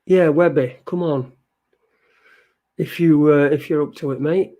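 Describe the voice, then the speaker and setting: Male stream host, fairly high voice, unhurried, loose and sweary, keeps repeating himself. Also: mellow. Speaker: livestream show host. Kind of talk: casual live-stream chat, reading viewer comments.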